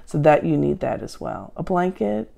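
Female host, low gravelly voice, dark timbre; deadpan, sarcastic comic Q&A. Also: normal speed. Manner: dry, sarcastic, self-mocking. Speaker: show host answering viewer questions. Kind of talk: deadpan comedic Q&A. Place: at home.

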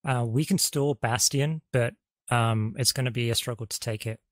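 A man's voice: mid-range voice, fairly even intonation, moderate pace, dry recording, studio quality. A man leading a squad in an online game, giving hesitant status reports over voice chat with many fillers. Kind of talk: game voice comms.

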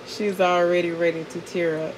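A woman's voice: on the low side, noisy background. A woman vlogger chatting casually with lots of fillers, narrating a gift unboxing. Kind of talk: casual vlog and voiceover narration.

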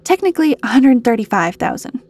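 A cheerful, practical mercenary woman chimes in breezily with the numbers, as the narrator voices her. Her tone is mellow and slightly husky. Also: a little high, very animated, a little fast. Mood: breezy. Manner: chipper, chiming in.

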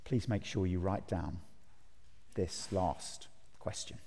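A man with a low, slow, gravelly voice and dark tone preaches a sermon at a conference, earnest and emphatic, putting direct questions to his listeners. The large conference hall is reverberant, and there's a little hiss or hum on the recording.

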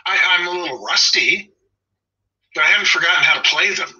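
A sharp, piercingly bright voice from a man in his sixties with a Southern Californian accent, a little higher than most men. He talks dog training in an opinionated, wry way, wandering into digressions. The sound is husky and the audio dull and lo-fi. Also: fairly quick. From Los Angeles. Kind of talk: casual podcast chat.

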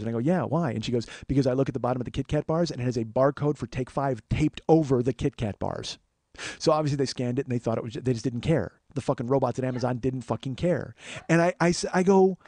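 A man's voice: mid-range voice, warm tone, no echo. A man hosting a podcast, telling a comedic story as a profane, exasperated rant. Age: 40s. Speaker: podcast host.

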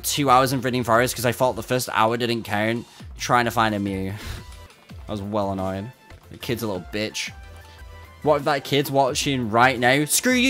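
A man chats through a game stream in a blunt, casual voice, cursing freely and grumbling to his viewers. His pitch sits in an ordinary middle range. Soft music runs faintly underneath. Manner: blunt, swears freely, frustrated banter with chat. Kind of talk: casual livestream chat.

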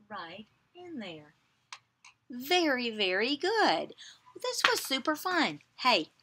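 Slow, bright-voiced woman teacher. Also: medium pitch, slight background noise. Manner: slow, sing-song, coaxing, pauses for answers. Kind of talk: video lesson for young children.

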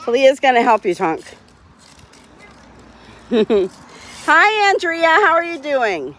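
A woman's voice: sits high, very animated, slow pace, a bit bright. A woman hosting a casual livestream, talking cheerfully to her dogs and laughing often. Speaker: dog owner hosting a livestream.

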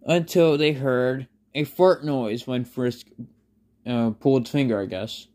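Slow, rambling fan storyteller. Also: mid-range voice, darkish tone. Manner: rambling, many fillers and self-corrections. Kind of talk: improvised fan story narration.

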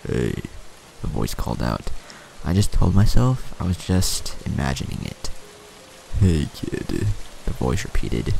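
A man with a gravelly voice giving a slow, steady, scripted horror narration. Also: sits low. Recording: music playing behind.

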